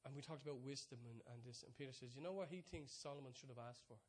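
A man preaching a sermon, telling stories with many restarts, dropping to hushed asides and rising to excited peaks. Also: medium pitch, fast. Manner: storytelling, swings from soft hushed asides to loud excited peaks.

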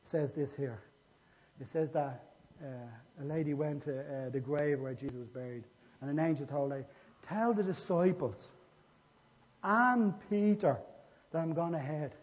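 A man's voice: mid-range voice, steady tone, moderate pace, mellow. A man preaching a sermon, retelling scripture stories and acting out the dialogue. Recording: echoey hall, dull lo-fi sound.

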